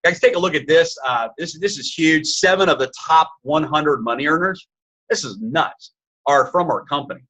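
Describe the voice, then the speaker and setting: A man's voice: fairly high pitch, normal speed, pushed and bright. A man in his forties hosting a webinar, upbeat and hyped, with many fillers. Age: 40s. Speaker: webinar host. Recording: lo-fi webinar audio.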